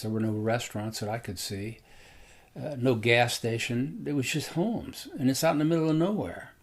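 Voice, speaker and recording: A man recounting a personal story in a relaxed, conversational way. He rambles a bit and fills gaps with hesitations, in an ordinary mid-range voice. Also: mid-range voice. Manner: unhurried, rambling, with frequent hesitations.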